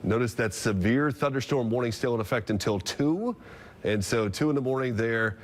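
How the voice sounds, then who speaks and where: A man's voice: medium pitch, normal speed. A man, a TV meteorologist, giving live severe weather coverage and explaining radar as he goes, with fillers and restarts.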